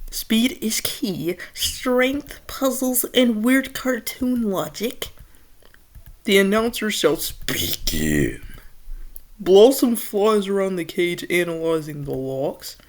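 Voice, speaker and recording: A woman host reads a fan story aloud and reacts as she goes. Her voice sits a little low and her pace is very slow. She often breaks into laughing, excitable asides.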